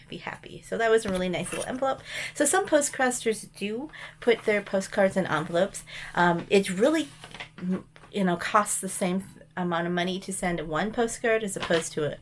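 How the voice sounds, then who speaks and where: A woman's voice: on the low side, slight background noise. A woman chatting casually as she shows mail and thrift finds, rambling with frequent ums and restarts. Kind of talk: casual show-and-tell chat.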